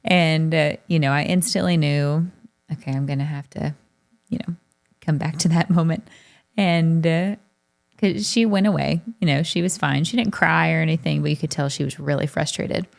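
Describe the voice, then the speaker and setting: A woman's voice: low voice, steady tone, moderate pace, creaky. A woman in her thirties co-hosting a parenting talk show, telling a family story in a chatty way with frequent laughs. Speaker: podcast co-host. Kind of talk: casual chat.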